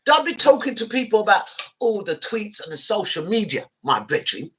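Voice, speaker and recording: Fiery woman, lively voice. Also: mid-range voice, moderate pace, husky. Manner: passionate, heated. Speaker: radio show host. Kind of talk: impassioned show chat.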